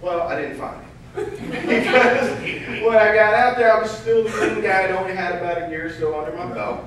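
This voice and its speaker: High-voiced man telling stories in a hall. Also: normal speed, a crowd in the background. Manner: lively anecdotal, acts out dialogue, laughs along. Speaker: motivational keynote speaker. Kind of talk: storytelling keynote talk. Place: large event hall. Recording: echoey hall from far off.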